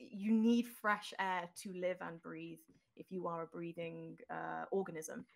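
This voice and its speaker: A woman's voice: lowish voice, creaky. A woman narrating a tabletop role-playing game as game master, descriptive with frequent ums.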